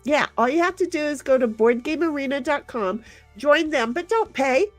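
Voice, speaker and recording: A woman's voice: sits high, animated, moderate pace, dry recording, faint music behind. A woman hosting a casual game stream, chatting and reading viewers' messages aloud, laughing often. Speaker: stream host.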